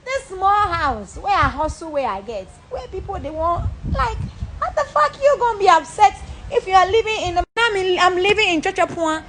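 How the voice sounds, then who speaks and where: A young celebrity woman speaks in an extremely high, fairly bright voice with lively intonation at a normal speed, amid slight background noise. With a Ghanaian accent, she casually and animatedly tours her home on camera, cursing bluntly and switching between Pidgin and Twi.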